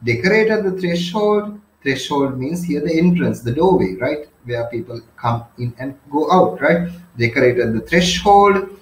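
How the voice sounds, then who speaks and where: An English literature tutor with a Sri Lankan accent, whose first language is Sinhala, goes through a novel passage using strings of synonyms and constant tag questions. His fairly high voice is animated and a little slow with few pauses, and the room echoes.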